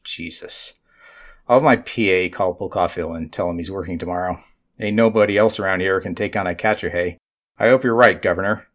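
Brief: man playing a blunt, dismissive mining company boss, audiobook, fairly low. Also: a little fast, fairly bright tone. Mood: exasperated. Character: gruff middle-aged male mining executive, dismissive.

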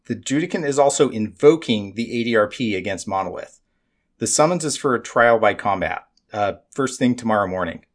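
A man's voice: lowish voice, lively intonation, brisk, lightly acted. A man voicing a small, earnest young male alien lawyer who stammers when flustered.

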